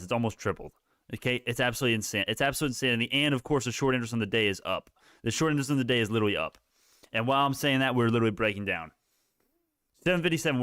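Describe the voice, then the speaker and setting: A man hosts a live market stream, talking through price moves as they happen. He rambles, restarts sentences and swears casually. His voice is smooth and clear, with a dry, close sound and no room echo. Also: medium pitch, fairly bright tone. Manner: rambling, self-correcting, profane. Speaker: livestream stock market host.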